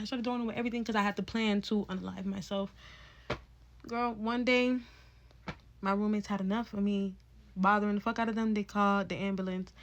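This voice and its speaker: A woman's voice: medium pitch, a little hiss or hum. A woman telling a candid personal story in a casual vlog, rambling and swearing freely.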